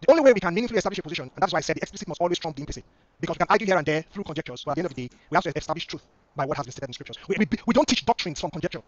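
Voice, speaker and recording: A man's voice: fairly high pitch, expressive, no room sound, lo-fi sound. A man making an impassioned case in a debate, pressing point after point and stumbling over restarts. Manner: impassioned, rapid-fire argument with repeated restarts. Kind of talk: online debate argument.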